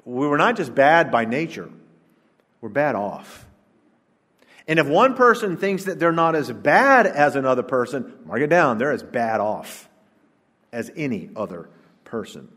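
A man, preaching an emphatic, rhetorical sermon to a congregation, swinging between loud declarations and low asides. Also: animated, normal speed. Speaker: pastor. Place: church sanctuary, preaching to a congregation. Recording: long church-hall reverb.

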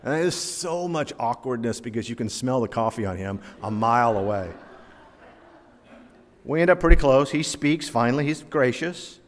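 A man preaching a sermon, telling a self-deprecating personal story in an animated way before drawing a lesson from scripture. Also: medium pitch, moderate pace, big-room sound.

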